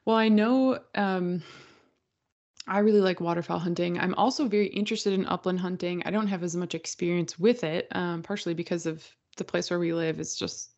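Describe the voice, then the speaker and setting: A woman hosts an interview and asks her questions hesitantly, filling gaps with ums. Her voice sits fairly low. The sound is somewhat dull and muffled. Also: fairly even intonation, normal speed, a little mellow. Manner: hesitant, filler-heavy questioning. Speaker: podcast host. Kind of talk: casual interview.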